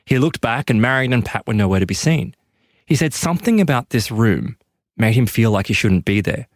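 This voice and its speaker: A man's voice: animated, brisk, no echo, clean studio sound. A man hosting a podcast, narrating an eerie story with dramatic emphasis. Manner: dramatic, emphatic pitch lifts. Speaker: podcast host.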